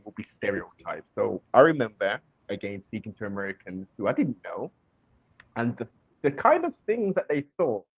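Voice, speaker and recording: Husky man with a Birmingham accent. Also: medium pitch, no echo. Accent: Birmingham English. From England. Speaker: guest. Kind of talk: casual chat. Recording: dull lo-fi call audio.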